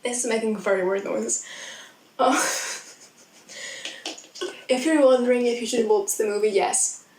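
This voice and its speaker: A young woman chatting excitedly in a rambling film review vlog. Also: fairly high pitch, measured pace, pauses often, slight background noise. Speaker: vlogger. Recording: echoey sound, mic at a distance.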